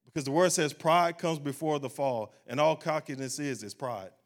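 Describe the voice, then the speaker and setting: A man's voice: fairly high pitch, normal speed. A man, a pastor preaching a sermon at a church service and closing in a rising, fervent prayer.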